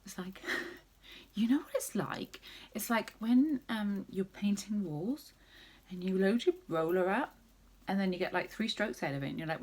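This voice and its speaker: A woman's voice: medium pitch, animated, moderate pace, breathy edge. A woman vlogger chatting casually through a makeup tutorial, rambling with jokey asides.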